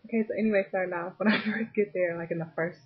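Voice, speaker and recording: Young woman, giggly, rambling, husky breathy voice, tinny phone-like sound. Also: fairly low pitch, fairly even intonation, fast talker. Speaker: vlogger. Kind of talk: casual late-night storytelling.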